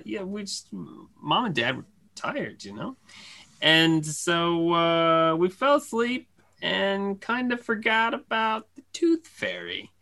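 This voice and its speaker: Bright-voiced man telling a laughing story. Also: a little high. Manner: animated, laughing often, acts out family voices. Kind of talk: casual storytelling chat.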